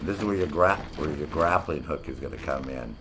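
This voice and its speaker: A man's voice: rumbling low, brisk, background noise. A man giving casual, rambling gameplay commentary full of swearing, explaining how he plays a heist solo. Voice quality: profane, laid-back and rambling. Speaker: gameplay streamer.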